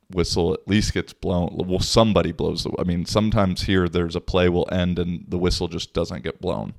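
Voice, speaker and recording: Very low-voiced man telling a rambling story. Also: a little mellow, no room sound, studio quality. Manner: rambling storytelling with profanity and laughs. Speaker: podcast host. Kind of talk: casual solo podcast talk.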